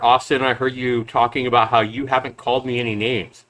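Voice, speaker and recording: A man's voice: medium pitch, little pitch movement, a little fast, fairly bright tone. A man who reviews and makes games, talking back at a rival's clips in a sarcastic, mocking way. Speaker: YouTube game reviewer and developer. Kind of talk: reaction commentary.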